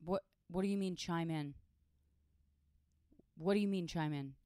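A woman's voice: on the low side, a little slow, warm tone, clear, resonant tone, dry recording. A woman co-hosting a comedy podcast, teasing and mock-indignant in casual chat close to the mic. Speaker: podcast co-host.

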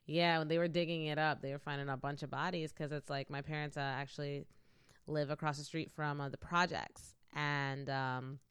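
A young woman, chatting casually with quick asides and lots of fillers. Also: deep voice, flat delivery, fairly bright tone, clear, resonant tone, dry recording, studio quality. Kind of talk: casual chat.

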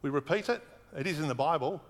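Guy preaching a sermon, earnest, leans on repeated words, big reverb behind him. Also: a little high. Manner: earnest, emphatic repetition, slows for weight.

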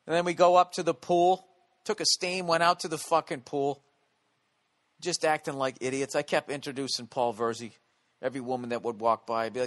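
An American man telling a comedic story and ranting, loud and animated, swearing constantly and tossing in rhetorical "okay?" asides. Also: on the high side, fairly quick. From United States. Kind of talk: profane comedic storytelling rant.

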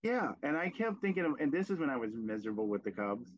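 A man hosting a casual podcast chat, telling reflective stories in an animated way. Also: medium pitch, fast talker, no echo. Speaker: podcast host. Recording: dry, dull lo-fi sound.

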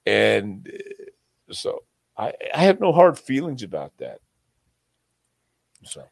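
A man's voice: fairly low pitch, wildly swooping pitch, slow pace, vocal fry, dry recording. A man as an interview guest, telling stories in a rambling way with many restarts and acted-out quotes. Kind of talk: casual storytelling interview.

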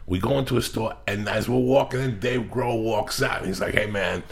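Deep, gravelly male host, swearing storyteller, casual chat. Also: fairly even intonation, fairly quick. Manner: profane storyteller, acts out quotes. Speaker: podcast host. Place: Los Angeles area.

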